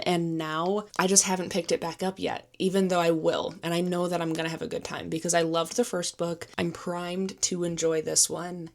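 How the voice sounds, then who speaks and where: A young woman hosting a book vlog, chatting casually to camera, gushing about her reading and laughing often. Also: sits low. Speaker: book vlogger.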